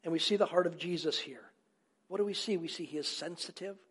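High-voiced man preaching earnestly. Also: fast talker, fairly bright tone, husky. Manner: asks rhetorical questions and answers them; earnest, repeats key phrases for emphasis. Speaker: pastor. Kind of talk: sermon.

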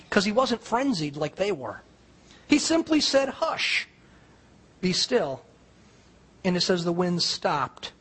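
A man preaching a sermon, retelling a story vividly and dropping to a near hush on the quiet lines. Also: high voice, husky. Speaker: pastor.

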